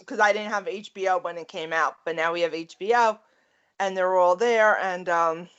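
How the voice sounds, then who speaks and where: A woman's voice: on the low side, moderate pace, clear, resonant tone, dull audio. A middle-aged woman with a thick Queens, Long Island accent, co-hosting a casual podcast with lots of laughing and ranting. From New York. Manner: animated, laughing, rants. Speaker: podcast co-host. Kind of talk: casual chat.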